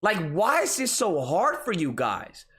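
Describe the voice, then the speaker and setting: Exasperated man ranting, lively pitch. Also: unhurried. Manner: exasperated, profane, mocking. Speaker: political commentary host. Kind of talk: casual ranting commentary.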